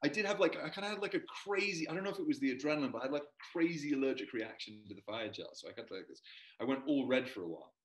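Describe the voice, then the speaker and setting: A man's voice: mid-range voice, lively intonation, rapid-fire, roomy sound, rough recording. A middle-aged man, an actor guest, telling long rambling anecdotes in a casual interview. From Montana and London. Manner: rambling anecdotes, acts out quoted voices.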